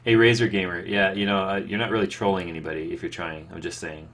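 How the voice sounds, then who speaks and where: A man's voice: low-pitched, steady tone, quick pace, a bit bright. A man chatting casually on a live stream, reading viewer questions aloud and answering off the cuff, rambling with lots of fillers and restarts.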